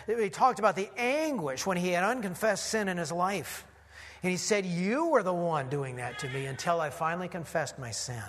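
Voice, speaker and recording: A man preaching with a notably high voice and an earnest, teaching manner. He walks through his sermon in lettered points, like a pastor at the pulpit. His words hang in a long hall reverb. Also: fairly bright tone. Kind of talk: expository sermon.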